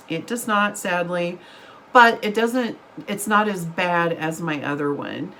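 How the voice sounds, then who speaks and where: A woman's voice: fairly low pitch, fairly bright tone, a little hiss or hum, rough recording. A woman, a book vlogger chatting casually to camera over coffee, rambling and giggling, still getting over an illness. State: recovering from illness.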